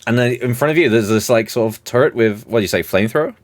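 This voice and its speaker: A man's voice: medium pitch, fast. A man running a tabletop game as game master, narrating the scene and ruling on rolls in a rambling way with many fillers and frequent laughter.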